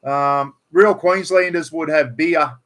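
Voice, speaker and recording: A man's voice: a little high, slow, a bit bright. A man with an Australian accent chatting casually to viewers on a home livestream, swearing freely and reading out names. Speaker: livestream host. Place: at home indoors. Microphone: computer livestream.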